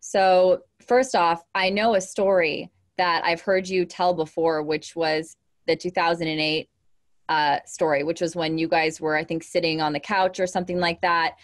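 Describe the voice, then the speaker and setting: A woman hosting a podcast interview who asks long, rambling questions and warmly affirms her guest. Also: fairly low pitch, fairly even intonation, normal speed. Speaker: podcast host. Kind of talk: interview conversation.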